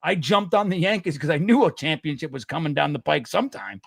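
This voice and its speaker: A middle-aged man, co-hosting a casual sports podcast, animated and swearing, acting out quotes in a raised voice. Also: a little high, quick pace, creaky, slightly rough, no echo, clean studio sound. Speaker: co-host.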